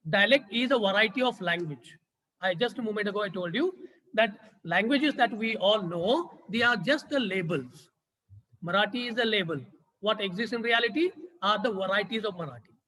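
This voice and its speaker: High-voiced Indian lecturer in a reverberant room. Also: male voice, normal speed, bright, forceful tone. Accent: Indian English, Maharashtrian. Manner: rhetorical questions, repeats and rephrases key phrases. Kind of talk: classroom lecture. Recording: long reverb from a large room.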